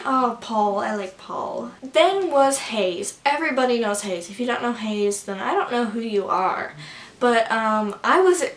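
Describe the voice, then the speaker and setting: A young woman vlogging a casual story, gushing and excitable, rambling with lots of fillers. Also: on the high side. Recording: roomy with faint background noise.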